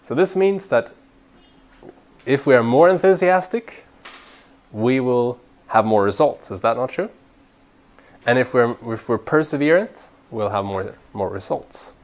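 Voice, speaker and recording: A man teaching a training class in an earnest way, repeating words as he builds a point and growing animated when he urges people on. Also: medium pitch, unhurried, pauses often, dull audio. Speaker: Bible study trainer.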